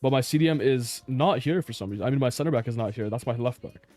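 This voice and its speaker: Male player doing a blunt, frustrated review of his own match, mid-pitched voice with soft music underneath. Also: quick pace, dry recording. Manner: blunt, exasperated, swears and laughs in disbelief. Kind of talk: casual gameplay review commentary.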